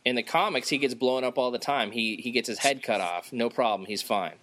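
A man's voice: mid-range voice, fairly quick, fairly bright tone, no echo. A man talking in a rambling, filler-heavy way, swearing a lot, as he chats casually on a podcast. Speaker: podcast co-host. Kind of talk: casual chat.

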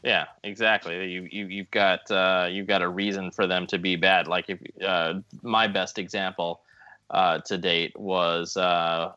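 A man's voice: low-pitched, flat delivery, a little slow, sharp tone, clean tone, no room sound, highs cut off. A laid-back man in a casual podcast chat, agreeing emphatically.

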